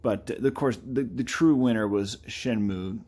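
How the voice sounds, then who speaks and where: A man's voice: mid-range voice, normal speed. Chatty man at the drawing desk. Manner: chatty, animated, playfully does game character voices. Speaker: artist streaming a live drawing session. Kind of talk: casual chat while drawing.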